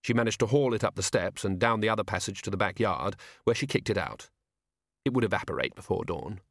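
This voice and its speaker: A man reading a novel aloud as narrator, with expressive storytelling. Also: on the low side, brisk, no room sound, studio quality. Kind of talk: audiobook reading.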